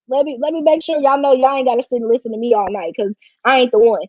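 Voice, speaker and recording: A woman's voice: sits high, fairly even intonation, fast talker, hardly any pauses, dry recording. A woman hosting a casual live stream, talking in a heartfelt, slangy way while close to tears. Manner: emotional and heartfelt, slangy and informal. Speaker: livestream host. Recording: dry, slightly dull lo-fi stream audio.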